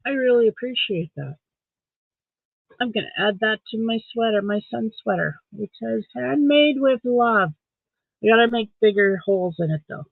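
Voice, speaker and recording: Speaking at normal speed in a high, creaky voice, a Saskatchewan, Canada man hosts a laid-back late-night stream from home. He reads comments from viewers aloud, replies to them, and addresses his dog. The sound is dry and phone-like, without echo.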